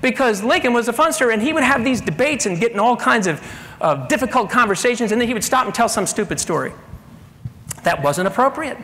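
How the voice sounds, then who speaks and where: Man, middle-aged, keynote storyteller, animated, acts out characters, bright high voice. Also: fairly quick. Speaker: keynote speaker. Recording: echoey hall with long reverb.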